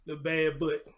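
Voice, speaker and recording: A man's voice: a little high, fairly bright tone. A man, hosting a casual live show and chatting loosely, talking playfully to his puppy between remarks. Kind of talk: casual live-stream chat.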